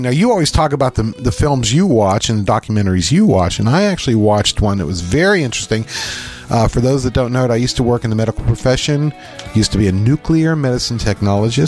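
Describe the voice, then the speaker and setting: Middle-aged Pennsylvania man, podcast co-host, animated storyteller voicing his own quotes, faint music underneath. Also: medium pitch, brisk. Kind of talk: casual chat.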